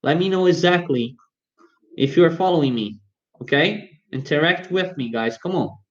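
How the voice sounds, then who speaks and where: Male English teacher, fairly high voice, upbeat and coaxing, dull lo-fi stream audio. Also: lively intonation, normal speed. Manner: coaxing, upbeat, talks straight to viewers. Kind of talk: live-streamed English lesson.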